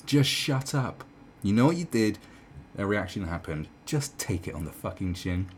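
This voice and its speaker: A man's voice: low voice, very animated, normal speed, a little mellow, a little hiss or hum. A man delivering a heated, profane commentary rant, full of stumbles and restarts. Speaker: commentary vlogger. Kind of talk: ranting commentary.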